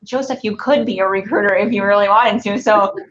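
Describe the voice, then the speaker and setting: A woman's voice: medium pitch, steady tone, fairly quick, fairly bright tone, dull audio, a little hiss or hum. A woman with a Midwestern accent, a recruiter answering viewer questions in a live Q&A, upbeat and chatty with lots of fillers. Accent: Midwestern American. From Wisconsin. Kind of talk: live Q&A stream.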